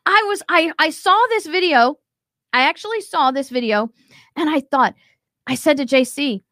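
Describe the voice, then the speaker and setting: A woman's voice: high voice, moderate pace, sharp tone, dry recording. A woman hosting a commentary show, talking emphatically and acting out quotes as she reacts to a video. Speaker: show host.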